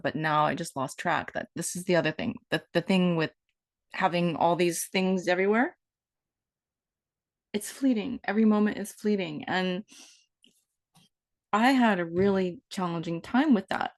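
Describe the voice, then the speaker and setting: A vlogger in her fifties rambles through an improvised monologue, playfully poking fun at herself as she drifts between thoughts. Her voice is fairly low, her speed normal, and she pauses often.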